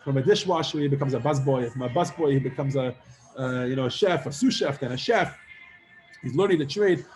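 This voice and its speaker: A man teaching a class, telling a long parable with lively acted-out voices and casual fillers. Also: mid-range voice, a little fast, soft background music. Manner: animated storyteller, acts out characters with many fillers. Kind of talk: storytelling lesson to students.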